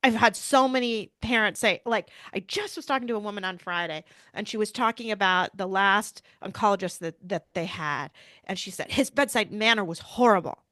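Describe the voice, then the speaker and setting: A woman's voice: mid-range voice, moderate pace, bright, forceful tone, no echo, studio quality. A middle-aged woman, a pediatrician, telling a personal story in an interview with earnest, searching speech and frequent restarts. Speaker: pediatrician and bereaved mother, guest.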